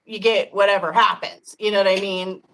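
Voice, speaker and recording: A woman guest on a casual livestream chat, telling stories in an animated way and laughing often. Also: mid-range voice, moderate pace.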